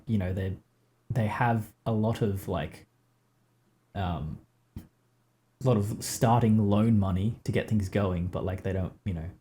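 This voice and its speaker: A man's voice: on the low side, warm tone. A man co-hosting a podcast in casual chat, rambling and filling his talk with likes. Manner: rambling, full of likes and restarts. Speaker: podcast co-host.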